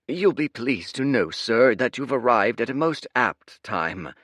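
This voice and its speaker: A man's voice: mid-range voice, expressive, a little slow, a bit bright, no echo, clean studio sound, pitched above the performer's own voice. A man voicing a fawning, formal restaurant server who speaks in obsequious courtesies. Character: fawning male restaurant server, polite and greedy.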